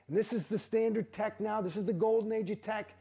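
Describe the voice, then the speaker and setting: A middle-aged man, an actor, telling his own story in an interview, profane and animated, acting out the exchanges he describes. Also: sits high, a little fast, creaky, breathy edge. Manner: profane, animated, gets heated and acts out quoted exchanges.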